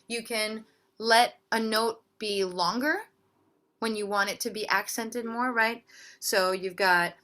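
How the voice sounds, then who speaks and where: A woman's voice: on the high side, fairly even intonation, slow pace, loud music behind the voice. A woman teaching a ukulele workshop, explaining strums and counting beats aloud. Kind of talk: music lesson with playing and counting. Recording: loud ukulele behind voice.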